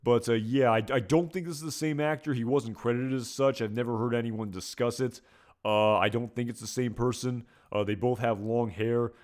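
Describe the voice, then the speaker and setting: A man's voice: mid-range voice, fairly even intonation, normal speed, darkish tone. A man giving casual episode commentary, rambling and hesitant with many fillers. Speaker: video commentator.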